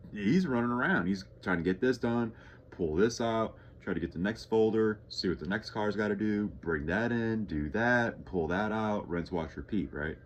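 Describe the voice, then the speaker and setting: Low-voiced young guy from texas vlogging, rambly, cusses a lot, faint hum behind him. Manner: rambling, swears freely, sighs often. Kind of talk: casual vlog chat.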